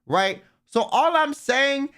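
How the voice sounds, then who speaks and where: A man's voice: very high voice, animated, slow pace, pushed and bright. A man streaming live, ranting bluntly and with plenty of profanity while he reads out viewer messages. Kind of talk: casual livestream rant.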